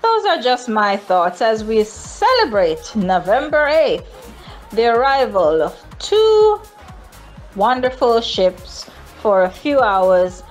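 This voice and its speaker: Jamaican woman host, slow deliberate sarcastic commentary, higher voice, faint music bed. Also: sing-song. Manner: sarcastic, lamenting, with high mock-cheerful whoops. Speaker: travel company news host.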